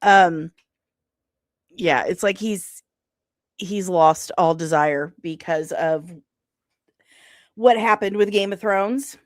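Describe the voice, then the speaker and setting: A woman's voice: fairly low pitch, takes it slowly, pauses often, no echo, clean studio sound. A young woman hosting a casual live stream, bantering playfully with her chat and laughing in exasperation. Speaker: host of a pop culture live stream.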